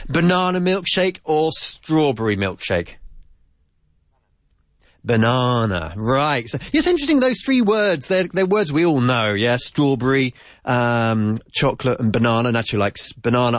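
Man, teacher, lively pitch, dry close sound, chatty, drills pronunciation. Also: dry recording. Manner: chatty, repeats words slowly for pronunciation. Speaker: English teacher. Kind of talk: casual language lesson.

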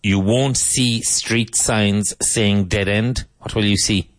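Leading a vocabulary drill in class, this English teacher speaks in a deep, low voice with a steady tone. He's brisk and encouraging, and the close, dry recording carries no room sound.

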